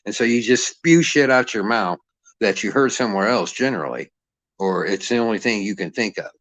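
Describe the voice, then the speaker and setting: A cantankerous middle-aged man delivers a profane, mocking rant as a boxing commentator. His voice sits low and the sound is dry and close, with no room around it. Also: a little fast, fairly bright tone, dry recording. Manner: cantankerous, foul-mouthed, mocking.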